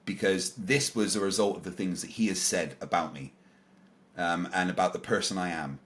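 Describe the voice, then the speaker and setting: A man with a low, deep voice tells a story as a podcast guest. He replays each exchange line by line, quoting both sides, and fills the gaps with ums, uhs and false starts. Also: fairly even intonation, moderate pace, a bit bright. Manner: retells encounters with quoted dialogue, many fillers and restarts. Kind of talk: casual storytelling in an interview.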